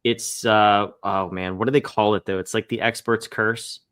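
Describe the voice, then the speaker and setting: Lower-voiced male host thinking aloud. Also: steady tone, normal speed, fairly bright tone. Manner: restarts and repeats words as he thinks aloud. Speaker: podcast host. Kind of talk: casual interview.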